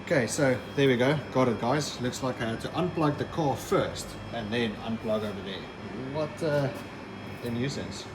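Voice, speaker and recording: A car reviewer with a medium-pitched voice talks at normal speed over background noise. In a casual vlog walkthrough, outdoors and inside a car, he guides viewers through the vehicle while thinking aloud.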